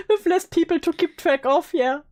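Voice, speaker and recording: A woman's voice: measured pace, darkish tone. A woman streamer reacting to a video in casual chat, swearing and laughing often. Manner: laughs often, swears, high-pitched giggling.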